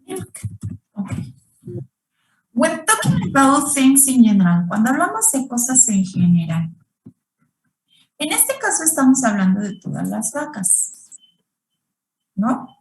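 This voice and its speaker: A woman's voice: sits high, sing-song, unhurried, long pauses. A woman teaching an online English grammar lesson over a video call, repeating each point and asking her students questions. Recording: roomy sound from far off the mic.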